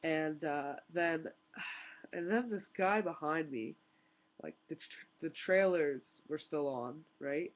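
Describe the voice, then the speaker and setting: A woman's voice: low-pitched, takes it slowly, dull audio. A young woman vlogger telling a story in an exasperated, rambling way, full of "like" and restarts. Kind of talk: casual storytime rant.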